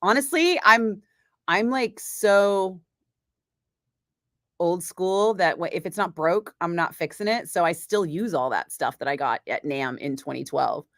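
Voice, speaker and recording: A woman's voice: on the low side, expressive, fairly bright tone, no room sound, clean studio sound. Blunt, foul-mouthed woman DJ chatting. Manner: blunt, swears freely, quick asides to chat. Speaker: radio DJ chatting with livestream viewers. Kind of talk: casual livestream chat. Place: home studio. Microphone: studio microphone.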